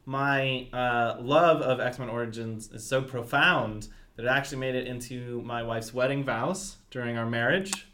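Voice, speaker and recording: A man hosts a casual podcast chat in a playful, joking way. He laughs easily and keeps his voice at a middle pitch. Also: fairly even intonation, unhurried, hardly any pauses, sharp tone. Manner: playful, jokey, laughs often. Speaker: podcast host.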